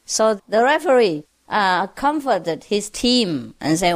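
A woman's voice: mid-range voice, very animated, slow, few pauses. A woman telling jokes casually, with lots of fillers, laughing at her own punchlines. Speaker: joke teller.

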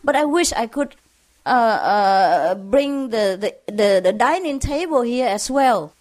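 A woman's voice: on the high side, expressive, slow pace, a little mellow. Woman doing a flustered, fretful husband. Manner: flustered, hesitant.

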